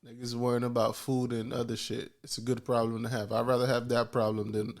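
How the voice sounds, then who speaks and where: A man's voice: mid-range voice, completely flat delivery, brisk. A man co-hosting a podcast in casual chat, laid-back and blunt, swearing freely. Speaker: podcast co-host.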